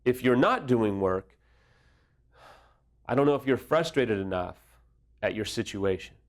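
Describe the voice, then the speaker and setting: Speaking at a measured pace with an expressive, medium-pitched voice, a man counsels people recovering from affairs. He's personal and straightforward, offering sincere advice in a conversational tone and drawing on his own stories.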